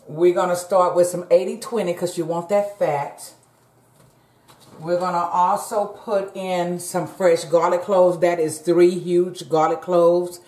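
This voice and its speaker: A woman's voice: lowish voice, fairly even intonation, measured pace, a little mellow. A woman hosting a home cooking vlog, chatting casually to her viewers in her kitchen. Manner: chatty, talks straight to viewers as "y'all". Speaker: cooking channel host. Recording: roomy echo.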